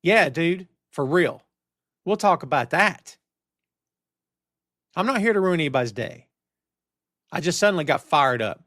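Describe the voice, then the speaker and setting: A middle-aged podcast host runs a live wrestling talk show from his home studio on camera, wearing headphones and using a studio mic. His voice is on the high side and unhurried, with long pauses, as he rants animatedly and reads chat comments aloud. The sound is clean studio quality with no echo.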